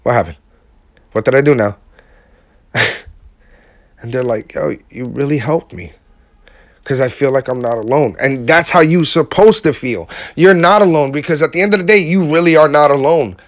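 A man's voice: a little high, moderate pace, long pauses, no room sound, clean studio sound. A man giving a heartfelt, casual motivational talk to his viewers, using slang and emphatic repetition. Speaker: vlogger speaking to his audience.

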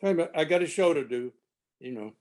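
An older man tells a story in a rambling way, stopping and restarting as he goes. His voice sits a bit high. The talk is relaxed and chatty. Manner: rambling, halting anecdote telling. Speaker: panel guest reminiscing. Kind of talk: casual storytelling.

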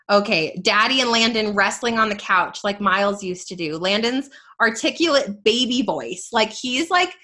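A woman's voice: fairly high pitch, bright, forceful tone. A woman in her thirties hosting a live tutorial, chatty and upbeat as she encourages her listeners. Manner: chatty and upbeat, full of "like" and "you guys". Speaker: host teaching a faith journal.

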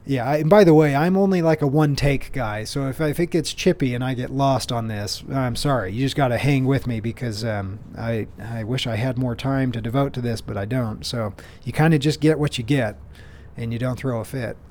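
A podcast host talks briskly in a medium-pitched, darkish voice, with slight background noise behind him. He rambles through casual solo stories, restarting a lot and teasing himself in a playful way.

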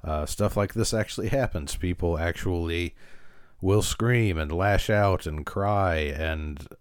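A man's voice: sits low, slow, clear, resonant tone, no room sound, clean studio sound. A man hosting a podcast, casually recapping an episode with frequent fillers and restarts. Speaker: podcast host.

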